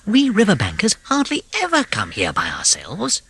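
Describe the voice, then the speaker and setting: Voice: mid-range voice, huge pitch swings, moderate pace, vocal fry, a bit bright, slightly rough, no room sound, pitched above the performer's own voice, exaggerated voice. A narrator voicing a brave, good-natured male water rat in a storybook reading, speaking in a kindly, soothing, practical way.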